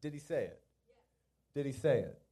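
A man's voice: mid-range voice, lively intonation, normal speed. A man co-hosting a podcast, teasingly quizzing his friend in a casual chat. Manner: teasing quiz asker. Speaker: podcast co-host.

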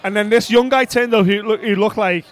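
A man co-hosting a podcast, telling a rambling, excitable story from arena seats at a boxing event. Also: sits high, brisk. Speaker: podcast co-host. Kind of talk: casual storytelling.

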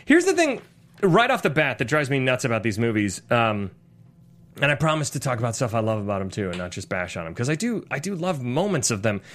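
A young adult man co-hosting a casual movie podcast, animated and swearing freely. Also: medium pitch, brisk. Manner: animated, swears freely, does mock voices. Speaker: podcast co-host.

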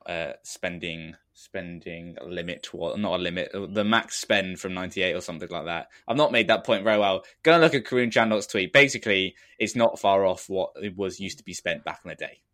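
Speaking fairly quickly with hardly any pauses, a podcast co-host with a low, slightly bright voice keeps the chat casual. He rambles, laughs a lot, and makes fun of himself, and the studio-quality recording has no echo.

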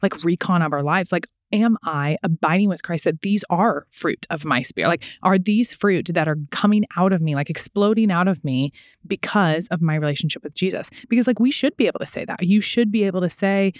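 A woman's voice: lowish voice, brisk, no echo, studio quality. A woman co-hosting a faith podcast, speaking in an earnest, reflective and encouraging way. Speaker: podcast co-host. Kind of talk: casual faith podcast chat.

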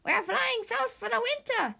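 A woman doing chirpy, high-pitched birds. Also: lively intonation, unhurried, creaky, bright, forceful tone, full character voice. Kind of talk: storybook read-aloud.

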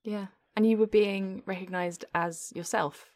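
A woman's voice: medium pitch, fairly even intonation, a little slow, darkish tone, no room sound. A woman hosting an interview, affirming her guests and asking questions. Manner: supportive, affirming. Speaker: podcast host.

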